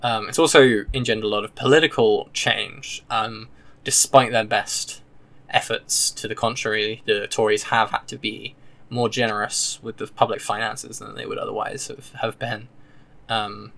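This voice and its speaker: Male podcast host, crisp bright voice, chatty and digressive. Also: on the low side, steady tone. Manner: chatty, digressive, quick to enthuse. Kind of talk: casual podcast chat.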